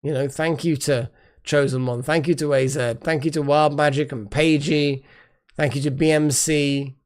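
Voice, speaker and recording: A woman's voice: sits low, steady tone, moderate pace, darkish tone. A woman hosting a live stream, rambling casually as she thanks her chat viewers one by one. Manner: trailing off with fillers and restarts. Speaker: livestream host.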